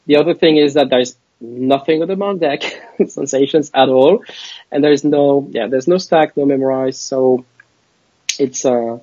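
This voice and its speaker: A man with a French accent, a guest magician who talks in an animated way, laughing often and restarting his sentences. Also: mid-range voice, a little slow, no room sound. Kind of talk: live video interview chat. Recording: dull lo-fi dry sound.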